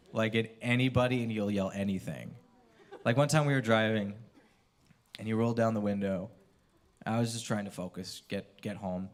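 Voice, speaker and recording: A young man from California doing a stand-up comedy set on a university theater stage, telling loose, profane stories and breaking into shouted impressions. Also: medium pitch.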